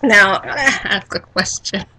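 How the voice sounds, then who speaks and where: A woman vlogger delivering a casual rant to camera, sassy and animated, breaking into laughter often. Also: medium pitch, moderate pace, breathy edge, poor audio.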